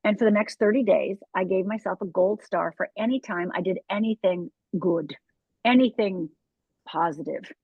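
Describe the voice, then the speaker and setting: A woman's voice: medium pitch, normal speed, breathy edge, no echo. A woman life coach from Upper Michigan speaks candidly in an interview, turning to the listener with frequent asides. Her voice arrives thin and tinny, like a phone line, with no room sound around it. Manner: candid, direct storytelling with audience asides. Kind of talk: interview guest telling her story.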